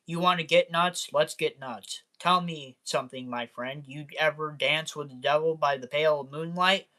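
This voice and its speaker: A man's voice: on the high side, normal speed, sharp tone. A man reading aloud as a menacing male clown villain from a comic book, in a sly, taunting, mock-theatrical way.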